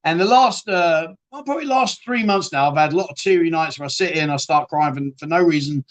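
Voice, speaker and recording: A brisk man with a voice a touch higher than most men's hosts a live-stream chat show in a loose, rambling style. Blunt and talkative, he swears a lot and keeps restarting mid-sentence as he replies to viewers.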